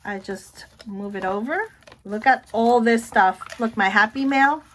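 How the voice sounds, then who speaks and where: A middle-aged woman chatting casually about her planner, excitable, often breaking off to say look. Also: on the high side, measured pace, a little hiss or hum. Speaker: planner vlogger. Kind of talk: casual show-and-tell chat.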